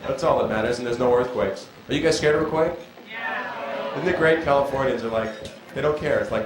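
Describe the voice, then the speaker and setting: A man's voice: medium pitch, animated, a little fast. A male stand-up comedian performing a live set, riffing with and teasing the audience from a comedy club stage. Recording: echoey archival club recording with loud crowd noise. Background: audience laughter.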